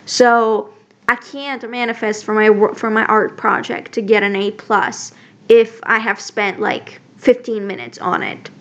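A woman's voice: fairly high pitch, a bit bright, muffled recording. A young woman vlogger talking casually to camera, chatty and full of fillers and restarts. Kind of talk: casual advice talk to camera.

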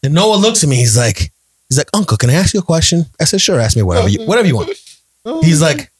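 A man telling a story in a relaxed chat, his voice a bit high and swinging widely in pitch. He repeats phrases as he builds up, and he acts out the other people's lines. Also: quick pace, a crowd in the background. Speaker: podcast guest, storyteller. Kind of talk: casual chat, anecdote.

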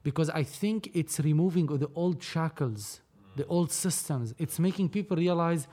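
High-voiced man, animated. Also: normal speed. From Lebanon. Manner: animated, repeats himself, mixes in Arabic. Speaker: podcast guest, entrepreneur. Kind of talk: casual conversation.

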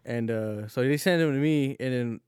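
A man telling a work story in casual chat, profane and animated with quoted lines. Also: medium pitch, normal speed, clear, resonant tone, no echo, clean studio sound. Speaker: warehouse lead.

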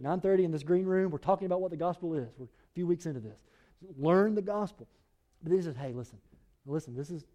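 A man's voice: fairly high pitch, warm tone. A male pastor preaching a sermon in a church, speaking urgently and addressing the congregation directly.

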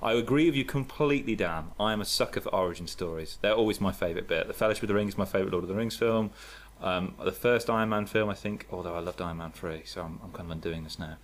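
A man's voice: low voice, quick pace, hardly any pauses. A man co-hosting a casual podcast, chatty and jokey, gushing as he talks. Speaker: podcast co-host.

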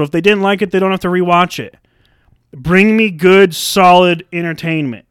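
A man's voice: high-pitched, moderate pace, clear, resonant tone, no echo, studio quality. A young man co-hosting a podcast in casual chat, blunt and profane as he rants. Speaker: podcast co-host.

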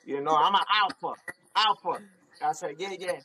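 Excitable man telling a wild story. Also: on the high side, normal speed, low-quality recording. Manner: excitable, laughing, acts out dialogue. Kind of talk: animated anecdote, quoting others. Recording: crowd noise behind.

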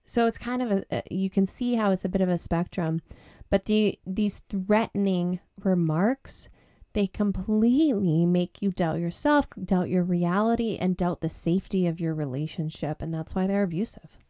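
Earnest woman podcaster with a mellow voice. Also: on the low side, moderate pace, no echo, clean studio sound. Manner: earnest, candid, with frequent fillers. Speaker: podcast host and breakup coach. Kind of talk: personal podcast talk.

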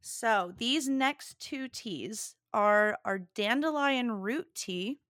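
A woman co-hosting a relaxed podcast, talking easily and laughing often. Her voice is bright and sits a little high. The sound is dry and close, with no room around it. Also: extremely slow, dry recording. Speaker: podcast co-host. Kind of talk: casual chat.

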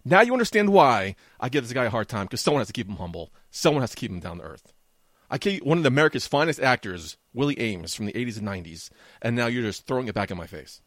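A middle-aged man co-hosting a podcast, teasing his co-host with fast, mock-offended banter. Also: medium pitch, sing-song, fairly bright tone, no echo, studio quality. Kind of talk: casual banter.

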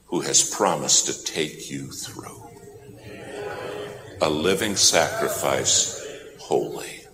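A man's voice: rumbling low, takes it slowly, long pauses, a crowd in the background. A man preaching a sermon, telling a story with dramatic, swelling emphasis. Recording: echoey hall with music behind.

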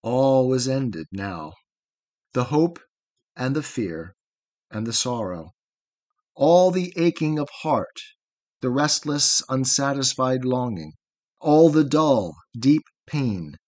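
A man reading a long narrative poem aloud in a solemn, measured way with dramatic pauses. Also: mid-range voice, animated, a little mellow. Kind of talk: slow measured poetry reading.

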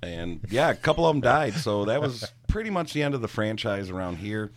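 A middle-aged man spins a rambling, profane story in easygoing chat. His voice sits on the low side, and he gets animated and loud as he retells it. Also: a little fast. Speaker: guest storyteller, former bartender.

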